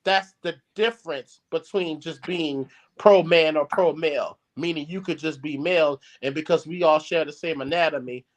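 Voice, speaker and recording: A man's voice: fairly high pitch, normal speed, few pauses. Blunt man, a panel guest. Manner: blunt, casual swearing.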